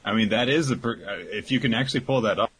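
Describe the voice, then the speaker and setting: A man's voice: mid-range voice, quick pace, fairly bright tone, husky. A man co-hosting a podcast, chatting casually and teasing his co-host dryly. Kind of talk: casual chat.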